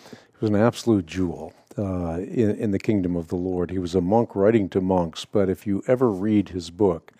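Man, radio call-in host, low voice, warm dark tone, dry studio sound, measured pace, "uh" fillers. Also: dry recording. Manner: measured, deliberate, with frequent "uh" fillers.

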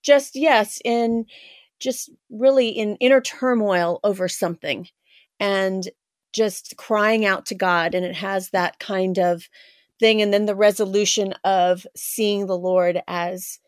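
A woman's voice: mid-range voice, fairly even intonation, slow pace, no room sound, clean studio sound. A woman hosting a conversation, thinking aloud and searching for her words. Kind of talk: casual chat.

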